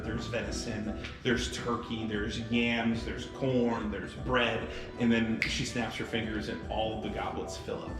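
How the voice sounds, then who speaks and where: A man running a tabletop game, narrating in a relaxed, descriptive way from a distance off the mic. The room is roomy and echoey, and music plays behind him. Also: fairly low pitch. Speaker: game master.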